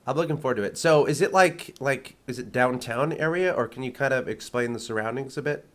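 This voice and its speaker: A man's voice: mid-range voice, brisk, fairly bright tone. Nasal man with a cold, chatting. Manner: stammering, repeats words at starts. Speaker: host and caster. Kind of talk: casual podcast chat.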